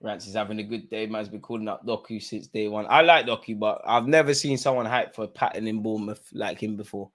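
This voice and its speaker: A man hosting a live football watch-along, chatting in slang about the match and breaking into loud shouts when a chance or goal comes. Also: lowish voice, steady tone, a little fast, hardly any pauses. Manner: London slang, bursts into shouting at chances and goals.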